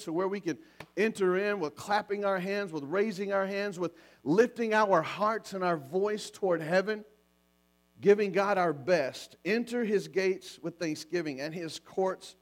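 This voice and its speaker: A man preaching a sermon as pastor, acting out little scenes with lively voices to make his points. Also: high-pitched. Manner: animated, acts out little scenes. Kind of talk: sermon on marriage. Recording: mains hum.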